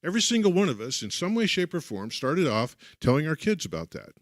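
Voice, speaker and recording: A man's voice: on the high side, very animated, brisk, no echo, studio quality. A man minister giving a conversational sermon, telling stories with restarts and asides. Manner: rambling, self-correcting storyteller.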